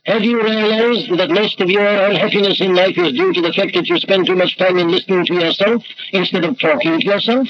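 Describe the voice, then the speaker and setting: A man's voice: sits high, fairly quick, few pauses. A man preaching a sermon in an emphatic, rhetorical way, his voice swelling and dropping. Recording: dull lo-fi archival recording with faint noise.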